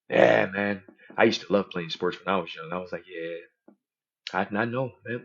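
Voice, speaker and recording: A man talks through a casual podcast in a low, husky voice. He tells his stories with energy and drops into other people's voices whenever he quotes them. The recording sounds dull and lo-fi. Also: measured pace, long pauses, fairly bright tone. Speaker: podcast host. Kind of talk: casual chat.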